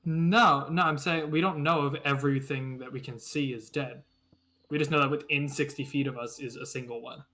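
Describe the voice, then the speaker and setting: A man's voice: medium pitch, fairly even intonation, normal speed, bright, forceful tone, slight background noise. A man playing a tabletop game who explains his plans carefully, with plenty of fillers. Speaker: player. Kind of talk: casual tabletop game chat.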